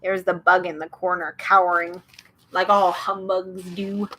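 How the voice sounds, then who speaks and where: A woman's voice: fairly low pitch, little pitch movement, unhurried, sharp tone, slight background noise, poor audio. A woman reading a children's book aloud at home, with chatty, bubbly asides. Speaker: storyteller.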